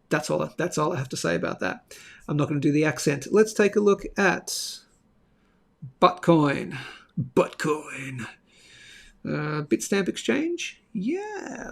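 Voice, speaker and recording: Man, gravelly, fairly high voice, live market chart host, chatty. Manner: chatty, thinking aloud, with sudden bursts and asides.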